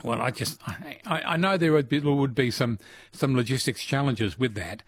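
A man with an Australian accent, hosting talkback radio in a chatty, quick manner from a studio mic. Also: medium pitch, slightly rough. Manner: chatty, quick, laughs often. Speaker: radio host.

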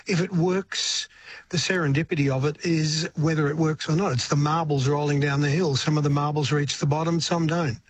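A man's voice: on the high side, fairly even intonation, normal speed, slightly rough. An older Australian man, a retired singer-songwriter, talking reflectively in a radio interview and often stumbling over his words.

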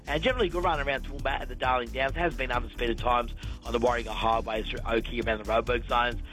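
A man's voice: mid-range voice, fairly even intonation, fairly bright tone, faint music behind, low-quality recording. A man with an Australian accent reading radio traffic updates and chatting casually on air. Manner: brisk, upbeat delivery. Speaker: traffic reporter. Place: radio studio.

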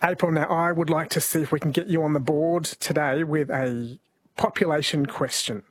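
A man's voice: fairly high pitch, fairly even intonation, moderate pace, breathy edge. A man hosting a radio talk show, chatting and reading out listener texts. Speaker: radio host. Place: radio studio.

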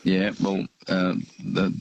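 An older Australian man with a very deep voice calls in to a talk show. He rambles warmly through his stories, pausing often and restarting his sentences. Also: completely flat delivery, creaky, highs cut off. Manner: halting, rambling storyteller with many fillers. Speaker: radio caller. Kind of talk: casual phone-in chat.

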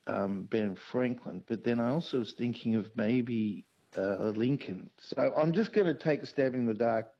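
A man calling into a radio quiz, rambling and hesitant with lots of ums. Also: medium pitch. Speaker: caller. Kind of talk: phone-in chat. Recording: dull phone line.

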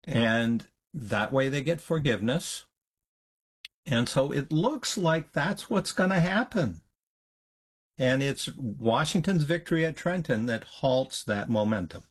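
Animated, husky-voiced male history professor. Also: medium pitch, unhurried. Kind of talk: explanatory interview answers.

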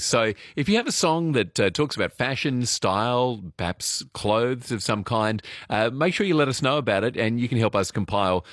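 An Australian man presenting an evening radio show in a relaxed, chatty way, with frequent "uh" fillers, on a studio microphone. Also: fairly low pitch, no room sound. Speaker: radio host.

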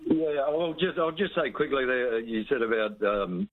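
A man calling in to a radio show, talking in a relaxed, rambling way with fillers. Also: mid-range voice, normal speed, no echo. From New Zealand. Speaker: caller. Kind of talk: casual call-in chat. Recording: tinny phone line.

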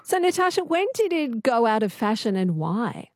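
A woman's voice: a little high, very animated, moderate pace, darkish tone, no room sound, clean studio sound. A woman hosting a radio talk show, chatting easily and reading out listener messages. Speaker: radio host. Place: radio studio.

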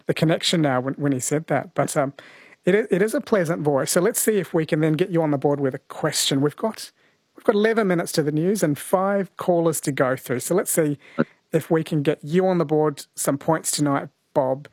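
An Australian man hosts a late-night radio talkback quiz, friendly and chatty. His voice sits a little high, and it is close and dry in the studio. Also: a little fast, darkish tone, no echo. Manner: friendly, chatty, reads out listener messages.

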